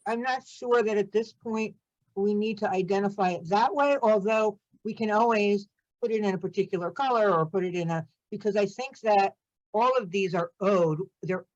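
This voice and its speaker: Board member, female, deliberate and measured, muffled video-call sound. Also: mid-range voice. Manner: deliberate, pausing to think. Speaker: board member reviewing accounts. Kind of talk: business meeting discussion. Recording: dull video-call audio.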